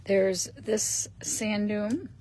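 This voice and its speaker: A woman hosting a live stream, chatting casually as she shows paper craft pieces and often clears her throat. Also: medium pitch, drawn-out words, a little mellow, slight background noise.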